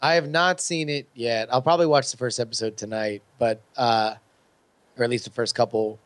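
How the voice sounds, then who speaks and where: An upbeat man chatting casually as a co-host, with a medium-pitched voice that comes in quick bursts. The sound is dry and close. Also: steady tone, dry recording. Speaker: podcast co-host. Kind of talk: casual chat.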